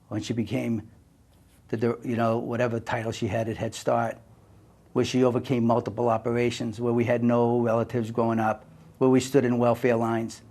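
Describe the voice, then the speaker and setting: Older man, from the United States, earnest monologue, emphatic, mid-pitched voice. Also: creaky. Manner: emphatic, earnest, swings between forceful and hushed. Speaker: speaker. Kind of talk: impassioned personal monologue.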